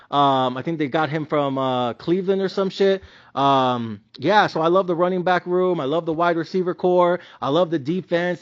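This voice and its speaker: A young man with a Mexican-American accent rants about his sports bets, swearing constantly and raising his voice to yells. His voice sits high for a man. The recording is dull and lo-fi. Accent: Mexican-American English with Spanish interjections. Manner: profane, animated ranting, yells at times. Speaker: sports betting vlogger. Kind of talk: casual ranting commentary.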